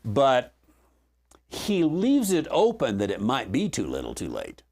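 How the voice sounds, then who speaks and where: A man's voice: medium pitch, wildly swooping pitch, unhurried, darkish tone. A man teaching verse by verse through a Bible book in a conversational way, with frequent fillers and restarts and a dry sense of humor.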